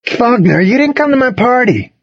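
A man's voice: a little high, animated, normal speed, breathy edge, voice pushed up. A man voicing a brash teenage jock who talks bluntly and crudely. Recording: dull, dry lo-fi reading.

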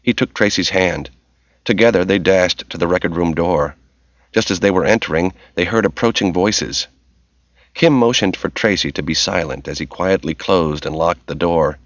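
A man giving steady, measured scripted narration of a novel, in a dull, lo-fi audiobook recording. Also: deep voice, no room sound.

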